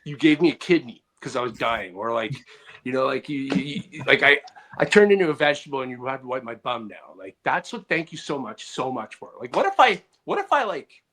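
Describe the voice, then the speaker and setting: Comedy podcast guy rambling thru a story, voice jumps all over, bright and sharp. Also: medium pitch, big pitch swings, brisk. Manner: rambling storyteller who mimics people. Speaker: podcast co-host. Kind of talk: casual comedic chat.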